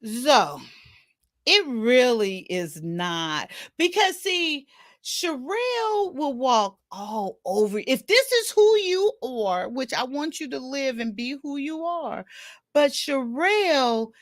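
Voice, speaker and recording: A woman's voice: high-pitched, sing-song, slow pace, dry recording. A woman hosting a casual livestream chat, teasing her guests and laughing often. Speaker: livestream host.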